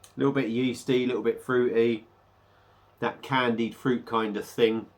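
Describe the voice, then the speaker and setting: A man chats his way through a home beer review. He rambles a bit, stops and restarts, and sounds slightly under the weather. His voice sits at an ordinary middle pitch. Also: steady tone, moderate pace. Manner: rambling, chatty, hesitant fillers. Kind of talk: casual beer review vlog.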